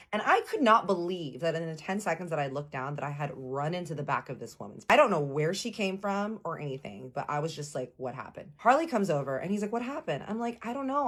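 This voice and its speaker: Woman, deep voice, casual story, acts out quotes, says y'all. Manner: animated, acts out quotes, addresses listeners as y'all.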